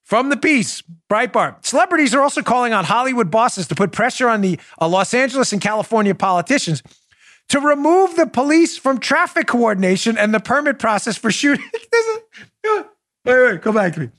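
Middle-aged male host, high voice, sarcastic and animated, prone to shouting asides. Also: a little fast. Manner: mocking, loud outbursts, mock-theatrical recitation. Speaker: podcast host. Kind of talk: animated political commentary.

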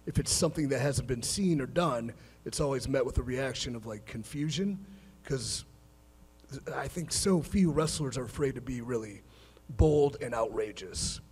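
Husky, wry male wrestler. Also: medium pitch, normal speed, a little mellow. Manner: blunt, wry, swears. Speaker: guest wrestler. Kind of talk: casual chat on stage.

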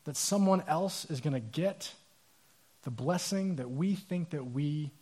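A male pastor preaching a sermon in a casual, animated storytelling manner with asides. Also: on the high side, measured pace.

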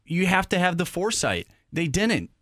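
A man's voice: high voice, very animated, normal speed, a bit bright, no room sound, studio quality. A man co-hosting a sports talk show, pushing back with pointed questions. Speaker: sports radio co-host.

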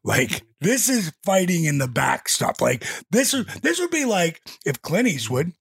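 Gravelly, animated man in his 60s. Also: high voice, normal speed. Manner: animated, acts out quotes and sound effects. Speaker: interview guest. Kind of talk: casual storytelling in an interview.

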